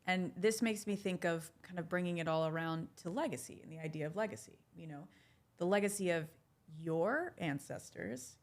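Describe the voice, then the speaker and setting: A woman's voice: on the low side, normal speed. A woman hosting a podcast interview, affirming her guest and asking reflective questions. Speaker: podcast host.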